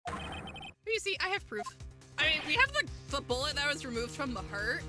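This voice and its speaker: A woman's voice: high-pitched, sing-song, normal speed, music in the background, voice pushed down. A woman voicing a determined young male defense lawyer, pressing his points with confidence. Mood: triumphant.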